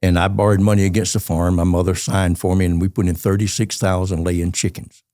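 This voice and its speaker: A man's voice: low voice, flat delivery, a little fast, dark tone, no echo, studio quality. A man in his eighties with a Southern US accent, a podcast guest telling long rambling stories and laughing as he goes. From Georgia, USA. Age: 80s. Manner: colorful rambling storyteller, laughs as he tells it. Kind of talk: storytelling interview.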